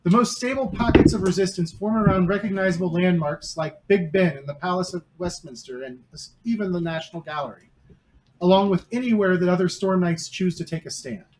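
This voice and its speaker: A man's voice: high voice, expressive, normal speed. A man running a tabletop game as game master, narrating the scene in a storytelling way with small restarts. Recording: noisy home stream audio.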